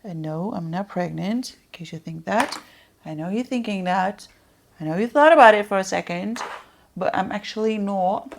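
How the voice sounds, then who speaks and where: A woman chatting casually through a makeup tutorial, rambling on and dropping soft muttered asides. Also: mid-range voice, moderate pace, gravelly, slight background noise. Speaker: beauty vlogger.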